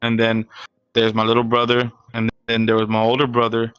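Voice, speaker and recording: A man's voice: mid-range voice, monotone, brisk, a bit bright, clean tone, no echo, poor audio. A man co-hosting a podcast, telling a long, detailed, rambling story in casual chat. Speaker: podcast co-host.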